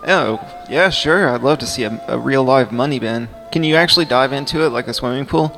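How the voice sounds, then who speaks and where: A man's voice: medium pitch, a little fast, creaky, a bit bright, soft background music. Stammering man in a comedy sketch. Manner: bumbling, stammering restarts.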